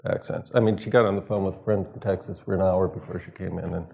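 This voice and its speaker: A man on a panel, talking about his work in relaxed anecdotes. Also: low voice, fast talker, vocal fry, breathy edge. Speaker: film director, panelist. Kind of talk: panel discussion.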